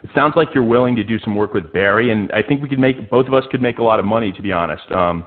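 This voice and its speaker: A man calling into a radio show, making a hesitant, salesy pitch. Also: fast talker. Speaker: caller. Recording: tinny phone line.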